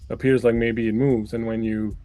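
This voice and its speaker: A man's voice: medium pitch, level tone, normal speed, warm tone. A man narrating as game master in a tabletop game, rambling with many fillers. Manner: meandering, filler-heavy.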